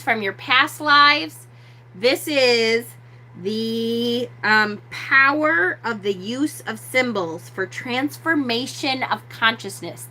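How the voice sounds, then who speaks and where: Woman host, live-stream teacher; slow deliberate delivery, bright tone, repeats herself. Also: fairly high pitch. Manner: slow, drawn-out, repeats key words. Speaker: host of a witchcraft channel.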